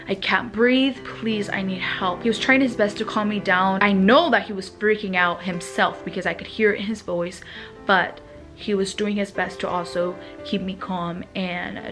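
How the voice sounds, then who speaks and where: A woman's voice: mid-range voice, fairly bright tone. Young woman telling a story, filler-heavy. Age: young adult. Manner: fast, emotional retelling with many fillers. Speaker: vlogger. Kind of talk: storytime vlog. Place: seated on the floor of her home.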